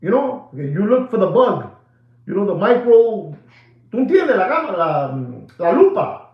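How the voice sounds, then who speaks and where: Guy ranting on his watch channel, high voice swinging all over, roomy echoey sound. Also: moderate pace, dull audio. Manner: excitable, theatrical, slips into Spanish asides. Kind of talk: animated rant to viewers. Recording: roomy echo.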